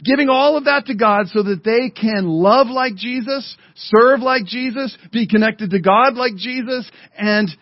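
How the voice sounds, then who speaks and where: A man preaching a sermon as pastor, speaking emphatically to the congregation and online viewers, slowing down and dropping to a murmur for effect. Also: very high-pitched, no echo. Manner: emphatic preaching with dramatic slowdowns and drops to a murmur. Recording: dull lo-fi sermon audio.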